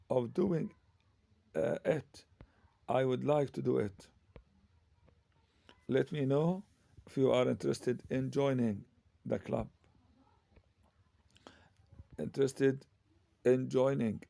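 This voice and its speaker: A man with an Arabic accent explains English grammar at a slow, halting pace, full of fillers and restarts. His voice is very gravelly and mellow. The recording is dry, with no room sound. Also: medium pitch, no room sound. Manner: slow, hesitant, with many fillers and self-corrections. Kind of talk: grammar lesson.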